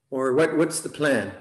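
A man teaching meditation in a relaxed dharma talk, chuckling often and repeating words as he gathers his thoughts. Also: fairly high pitch, reverberant, poor audio. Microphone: online session.

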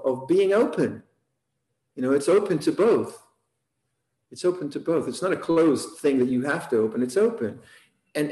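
A man teaching meditation in a relaxed dharma talk, chuckling often and repeating words as he gathers his thoughts. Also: mid-range voice, roomy sound, rough recording. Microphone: online session.

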